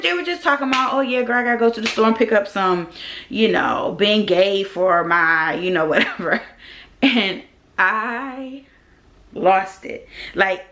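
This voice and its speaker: A young woman with features talks straight to her camera in a casual vlog. She tells a personal story in an animated way, her voice heating up as she acts out what people said. Her pitch sits in a middle range. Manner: animated, heated retelling with lively quoted rants. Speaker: vlogger.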